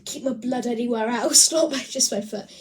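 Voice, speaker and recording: A woman's voice: on the high side, normal speed, darkish tone. A woman chatting to camera in a casual, rambling vlog, often laughing as she talks. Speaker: vlogger.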